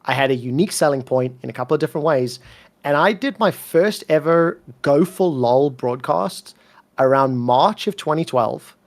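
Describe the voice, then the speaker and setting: A man with a soft, worn-down South African accent that drifts toward British, talking at a fairly high pitch. He tells his story bluntly and emphatically in a relaxed interview and swears freely. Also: normal speed. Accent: soft South African, mixed with British and American. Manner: emphatic, swears freely, repeats words when fired up. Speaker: esports commentator, interview guest.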